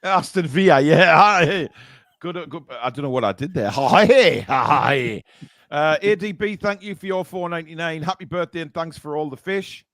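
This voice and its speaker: A man's voice: on the high side, moderate pace, fairly bright tone, no room sound. A man hosting a charity live stream, reading out donations and laughing at cheeky comments. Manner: laughing, reads out super chats with mock outrage. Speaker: livestream host reading donations. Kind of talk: casual live stream chat.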